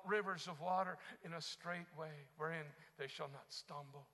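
A man preaching a sermon as pastor, moving from quiet teaching into impassioned shouting. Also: a little high, fairly even intonation, measured pace, in a large hall.

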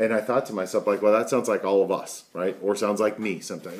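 A man's voice: fairly low pitch, moderate pace. A middle-aged man hosting a casual daily video show from home on a headset mic, rambling and chatty with frequent "right?" asides. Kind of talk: casual daily talk to camera.

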